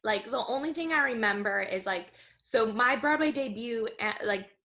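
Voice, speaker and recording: A woman in her twenties, a Broadway performer and dancer, chatting in an interview with lively restarts and lots of fillers. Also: a little high, normal speed. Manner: animated, tumbling restarts and frequent "like". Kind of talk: casual interview chat.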